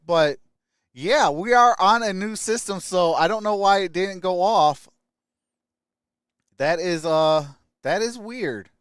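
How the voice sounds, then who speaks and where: A young adult man from Michigan hosting a casual sports live stream, greeting chat viewers by name with upbeat shout-outs. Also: high voice, clear, resonant tone, dry recording, clean studio sound.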